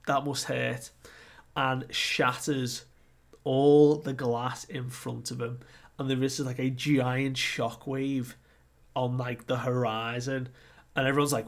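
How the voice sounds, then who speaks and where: A man chatting casually through a manga chapter recap. His voice is gravelly and his delivery unhurried. He laughs often and keeps the retelling animated. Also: medium pitch. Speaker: manga reviewer. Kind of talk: casual recap with acted quotes.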